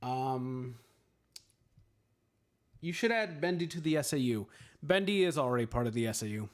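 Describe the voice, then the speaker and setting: A streamer with a mid-range voice answers chat questions at a moderate pace, animated and pausing often. He rambles through lots of filler words, playfully poking fun at himself.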